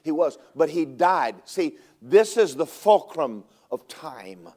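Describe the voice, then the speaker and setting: A man preaching a sermon as pastor, telling stories with animated delivery that rises to shouting at its peaks. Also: on the high side, slow.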